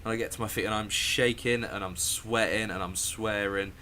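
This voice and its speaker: A man telling a story casually, animated and sweary, often laughing and acting out the scenes. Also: fairly low pitch, moderate pace.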